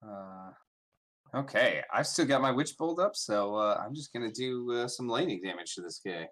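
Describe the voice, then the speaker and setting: A man taking his turn in a tabletop game, his pitch moving a lot as he talks. He speaks hesitantly, filling pauses with "uh." His voice sits at a middle height. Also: animated, fairly bright tone. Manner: hesitant, lots of uh. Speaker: player. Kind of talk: casual chat at the game table.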